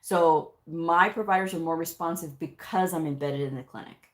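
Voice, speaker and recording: A middle-aged woman who works as a medical coder chats casually on a live stream, answering viewer questions. Her voice is low and her pace normal. She's talkative and emphatic, dropping plenty of "you know"s and laughing often.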